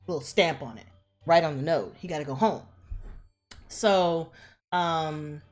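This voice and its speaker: A woman with a lowish voice retells a film plot in loose, slangy, cussing chatter. She jumps into little character bits along the way. Faint music plays underneath. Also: a little slow. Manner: animated, slangy and profane, acts out characters. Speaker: movie recap vlogger. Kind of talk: casual movie retelling.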